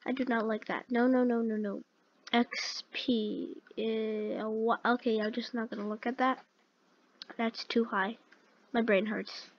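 A woman hosting a gaming video, talking through each move aloud and easily alarmed, often repeating "no, no, no" in quick streams. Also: fairly high pitch, fairly even intonation, dull audio. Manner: chatty, talks through every move aloud. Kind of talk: let's-play game commentary.

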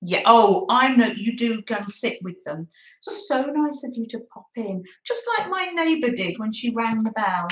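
An English woman hosting a live craft stream, chatting warmly and giggling as she greets viewers by name from her sewing table. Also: on the high side, expressive, moderate pace. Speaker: craft livestream host. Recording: roomy echo.

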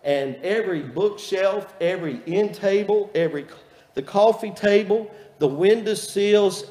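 Folksy pastor in an echoey church. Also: male voice, high voice. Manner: folksy storytelling, warm and earnest. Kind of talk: sermon. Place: church sanctuary. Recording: echoey church hall reverb.

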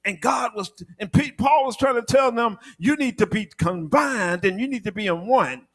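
High-voiced preacher man, rhythmic delivery. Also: normal speed, few pauses. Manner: rhythmic preaching that swells into shouted, half-sung cadences. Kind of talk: sermon. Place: church.

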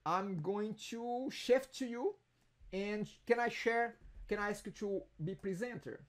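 A man's voice: high-pitched, a little slow. A man with a non-native English accent hosting a user group meeting, talking casually with jokes and many restarts, heard over a video call. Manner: chatty, joking, with many restarts.

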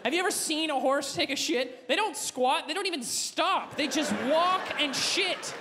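A man doing a stand-up comedy set, rambling and swearing with animated energy on a comedy club stage. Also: very high voice, moderate pace, noisy background. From Canada. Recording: echoey club with audience laughter.

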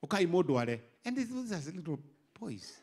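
A middle-aged Kenyan bishop preaching an animated sermon, moving from quiet asides to loud exhortation. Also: male voice, high voice, moderate pace, husky. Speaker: bishop and pastor.

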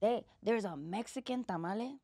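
A woman's voice: mid-range voice, moderate pace, creaky, warm tone, husky, no room sound, clean studio sound. A woman hosting a comedy podcast in casual chat, brash and profane, bursting into big laughs, with a Puerto Rican family background. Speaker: podcast host.

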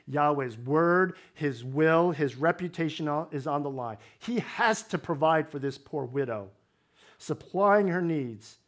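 A man preaching a sermon in a slightly high voice, walking through scripture in a conversational way. Touches of wry humor ease the explanations. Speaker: pastor.

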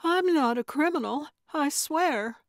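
A woman narrator voicing an earnest young woman caught posing as a ghost, speaking high and pleading. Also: lively intonation, measured pace, dry recording, clean studio sound.

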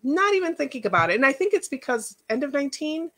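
A woman's voice: high voice, sing-song, fast talker, fairly bright tone. Emotional chatty woman life coach. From Northwest Indiana, United States. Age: middle-aged. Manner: earnest, emotional, chatty with asides. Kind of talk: casual workshop talk.

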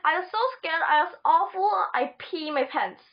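A woman reading a children's book aloud, halting and stumbling over words. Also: extremely high pitch. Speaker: audiobook reader. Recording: dull lo-fi recording.

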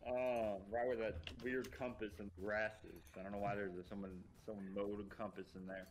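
A man's voice: fairly low pitch, little pitch movement, a little fast, noisy background. A man playing in a tabletop game, talking in an easygoing, friendly and hesitant way. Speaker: player. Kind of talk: in-character tabletop play.

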